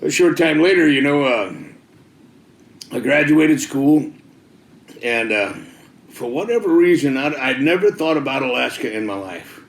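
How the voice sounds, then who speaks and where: A man's voice: mid-range voice, lively intonation, a little slow, long pauses, roomy sound. A man, a former biker, telling his personal testimony in a casual, slangy way.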